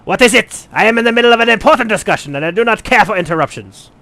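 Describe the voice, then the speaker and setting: A man voicing a snobbish, pompous male wine baron with a put-on accent, haughty and shouting, for a game playthrough. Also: high voice, animated, rapid-fire, gravelly, no room sound, exaggerated voice. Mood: haughty outrage. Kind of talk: let's play voice acting.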